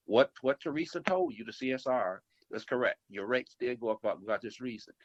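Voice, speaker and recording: Middle-aged guy with a gravelly voice, rambly business advice over a muffled lo-fi phone line, dry sound. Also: medium pitch, very animated, fast, few pauses, no room sound. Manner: rambling, repeats and restarts, acts out phone calls. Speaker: insurance agency owner and investor. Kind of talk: phone interview, advice talk.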